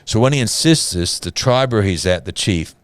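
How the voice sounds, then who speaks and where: Middle-aged male co-host, very deep and dry, a dramatic storyteller. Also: animated, normal speed, no echo. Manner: dramatic storyteller, acts out quotes. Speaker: church podcast co-host. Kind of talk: casual storytelling chat.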